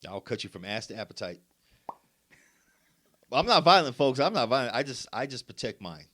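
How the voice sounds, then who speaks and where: A man co-hosting a casual podcast, telling profane stories and bursting into loud, yelling impressions. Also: medium pitch, big pitch swings, fairly quick. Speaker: podcast co-host. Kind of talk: casual storytelling chat.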